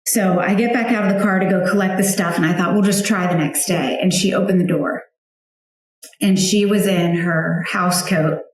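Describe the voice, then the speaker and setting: A woman's voice: on the low side, steady tone, moderate pace. Woman guest, 30s-40s, chatty and heartfelt, lots of fillers; very roomy echo on the mic. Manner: chatty, emotional storytelling with many fillers. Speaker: guest, founder of a flower outreach for widows. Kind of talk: personal storytelling interview.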